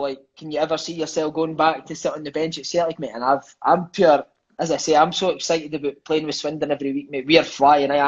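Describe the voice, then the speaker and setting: High, fast-talking Scottish man on a phone. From Scotland. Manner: swears freely, peppers speech with "mate". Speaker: interview guest. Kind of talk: storytelling in casual chat. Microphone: phone on a live video call. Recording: dull lo-fi phone audio.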